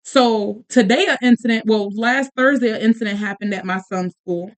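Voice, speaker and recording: A woman in her thirties, a podcast host and mother, telling a story in casual chat with quick bursts, restarts and asides. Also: on the high side.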